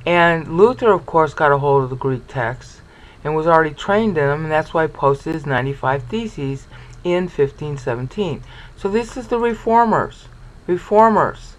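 Slightly high-voiced man teaching Bible study. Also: lively intonation, moderate pace, low-quality recording. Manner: discursive, checks in with "okay?". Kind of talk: explanatory Bible study lecture.

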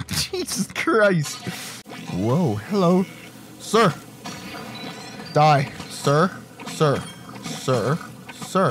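A young man giving casual gameplay commentary, excitable and profane, laughing and exclaiming often. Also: mid-range voice. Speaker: gaming channel host. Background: game music.

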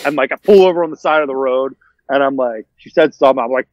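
A man's voice: mid-range voice, fast talker, no room sound. A man, a podcast guest, telling a long casual story full of fillers and restarts. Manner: rambling, many fillers and restarts. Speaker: interview guest. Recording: dull, dry sound.

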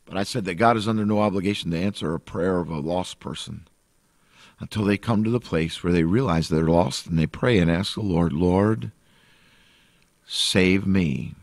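A man preaching a radio sermon as pastor, emphatic and repetitive, swinging between loud and soft. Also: deep voice, moderate pace, vocal fry, dry recording.

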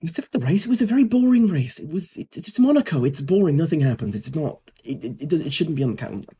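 A man's voice: fairly high pitch, very animated, fast talker, warm tone, breathy edge. Dry, sarcastic man. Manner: dry, sarcastic, mocking impressions. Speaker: podcast co-host. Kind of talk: casual chat.

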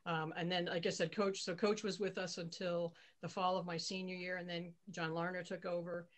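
A woman in her sixties, a former athlete, recounting memories on a video call in a measured way with frequent restarts. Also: fairly low pitch, level tone. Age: 60s.

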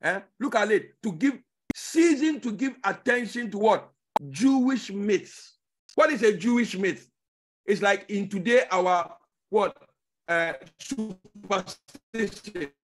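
A male pastor teaching a Bible sermon, his voice sitting high for a man. He hammers key phrases again and again, jumping from loud exclamations to quiet, low asides. Every few lines he throws out a rhetorical question to his listeners. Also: lively intonation, slow pace. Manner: emphatic, repeats key words, swings from loud bursts to low asides.

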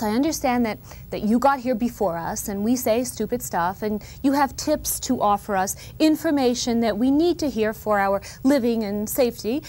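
Woman host, comic monologue, sarcastic, animated, slightly high voice. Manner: sarcastic, playful, speaks for children to parents; quips with asides and short laughs. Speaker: TV show host. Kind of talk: comic monologue spoken to the camera.

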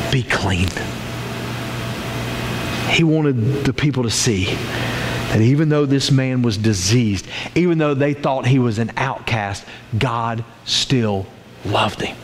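A man giving a sermon as pastor, with animated storytelling that acts out voices in the quotes. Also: on the high side, in a large hall, slight background noise.

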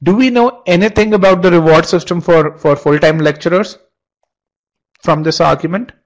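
A man's voice: fairly high pitch, normal speed, poor audio. Man teaching a live test-prep webinar. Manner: questioning, repeats words when restarting.

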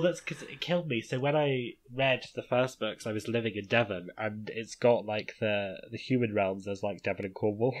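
A man with an English accent co-hosting a podcast in casual chat, quick to laugh and exclaim. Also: mid-range voice. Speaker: podcast co-host.

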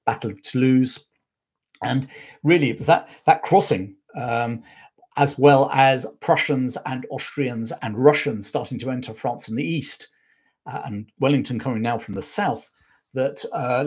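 On his live history stream, a man rambles through tales, often fixing what he just said and leaning on fillers. His voice is medium-pitched, darkish in tone and a little rough.

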